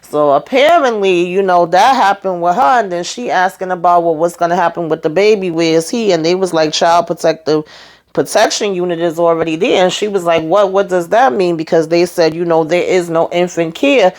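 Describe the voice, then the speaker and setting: A woman recaps a TV episode in a casual, chatty way, retelling scenes with lots of animation and calling her listeners "child" and "honey." Her voice sits fairly low and she talks a little fast. She's a TV show recapper.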